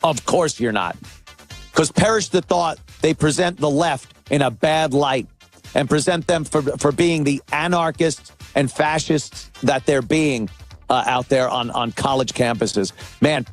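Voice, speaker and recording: A man guest-hosting a talk-radio show, giving a sarcastic, animated opinion monologue. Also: a little high, a little slow, faint music behind.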